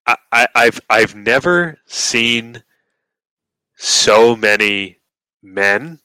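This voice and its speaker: Podcast co-host, male, bright and crisp, stammering, sweary, casual chat on a dry-sounding mic. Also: medium pitch, lively intonation, very slow, dry recording, poor audio. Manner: stammering restarts, repeats words; profane, exasperated rants.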